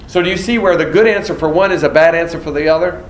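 A man's voice: a little high, quick pace, roomy sound, a little hiss or hum, poor audio. A man teaching a nursing exam prep class, quizzing students and acting out exam scenarios. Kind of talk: classroom lecture.

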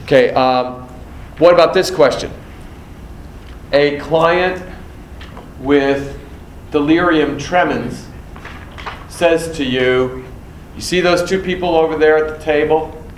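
A man's voice: a little high, slow, reverberant, slight background noise, low-quality recording. A man teaching a nursing exam prep class, quizzing students and acting out exam scenarios. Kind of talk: classroom lecture.

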